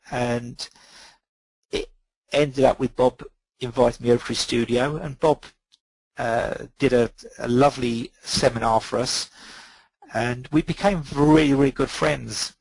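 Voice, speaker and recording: A man's voice: medium pitch, moderate pace, vocal fry, long pauses, breathy edge, no echo, rough recording. A middle-aged man, a photographer guest on a webinar call, telling rambling anecdotes full of ums and quoted dialogue. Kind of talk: relaxed anecdotal storytelling.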